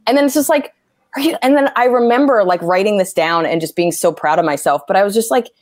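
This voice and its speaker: A woman comedian talking casually about writing jokes, animated and swearing freely as she acts out angry quotes. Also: mid-range voice, fast talker, no echo. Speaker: stand-up comedian. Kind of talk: casual interview talk.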